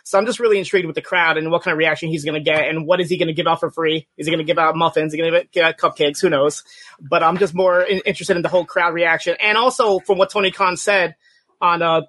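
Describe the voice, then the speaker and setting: A man's voice: a little high, fairly even intonation, quick pace, bright, forceful tone, no room sound. A man, a podcast co-host, talking eagerly and piling up rhetorical questions. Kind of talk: casual podcast chat.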